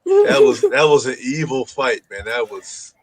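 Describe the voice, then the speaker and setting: A man's voice: mid-range voice, measured pace. A man hosting a casual chat, telling stories with lots of swearing. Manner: animated, swears a lot, acts out quoted people. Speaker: podcast host.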